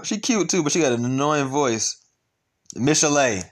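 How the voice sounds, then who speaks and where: A man giving loose, slangy reaction commentary. His voice sits at a medium pitch. He talks casually and throws in laughing asides. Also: animated, takes it slowly. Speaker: commentary host.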